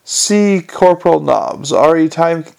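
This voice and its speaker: A man's voice: a little high, slow pace, creaky, a little mellow, clean tone. Man doing a weary, terse watch commander. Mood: dry. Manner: terse and dry. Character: weary, dry middle-aged male city watch commander.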